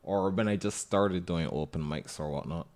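A young man with a Barbadian accent talks as a guest on a casual podcast. His voice is low, and he is soft-spoken and laid-back. He often hesitates before answering. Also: normal speed. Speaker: comedian guest. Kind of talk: casual interview chat.

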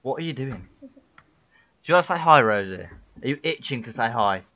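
A man's voice: medium pitch, expressive, fairly quick, highs cut off. A British man hosting his own game live stream, chatting casually and teasing playfully. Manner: playful, jokey, teasing banter. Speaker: livestream host.

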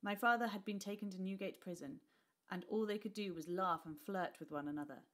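A woman teacher reading a class novel aloud with expressive storytelling. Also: medium pitch, fairly quick.

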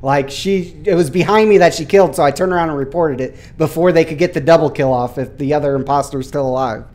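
Animated man defending himself in game chat. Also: on the high side. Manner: animated, defensive, quick to laugh. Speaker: streamer playing a social deduction game. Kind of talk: casual gaming voice chat.

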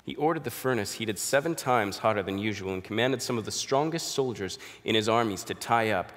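Male preacher, lower voice, expository sermon recorded in a reverberant hall. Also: fairly quick, a bit bright.

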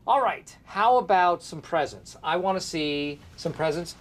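An actor playing an excitable, self-important middle-aged office boss, eagerly coaching and easily flustered in a sitcom. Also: male voice, fairly high pitch, a little slow. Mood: insistent. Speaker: office manager. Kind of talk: sitcom acting.

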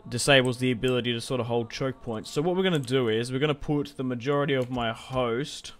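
A man's voice: mid-range voice, quick pace, fairly bright tone. A young man giving casual, rambling commentary over a strategy game, restarting sentences and swearing freely. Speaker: gaming video host.

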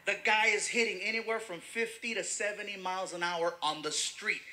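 A man doing stand-up comedy, telling an animated story and shouting some punchlines. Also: high voice, a little fast, a little hiss or hum.

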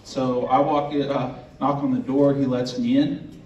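Male storyteller recounting a haunting; earnest and unhurried, heard from off-mic in a dull, echoey room. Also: mid-range voice, flat delivery, a little mellow, slight background noise. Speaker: host telling a personal story. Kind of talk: telling a true ghost story to an audience. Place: indoor event room. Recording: roomy, distant, dull recording with faint ambience.

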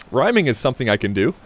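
A man with a slight Southern US accent giving rambling, self-mocking commentary while playing a game, breaking into sudden excited yelps. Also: mid-range voice, creaky. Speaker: gaming YouTuber. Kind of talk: casual gameplay commentary.

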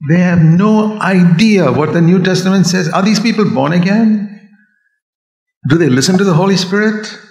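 A man's voice: high voice, moderate pace, darkish tone. Older man, preacher, earnest and emphatic, recorded with roomy hall echo. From India. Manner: earnest, rises to emphatic raised voice. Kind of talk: sermon. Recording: echoey hall sound.

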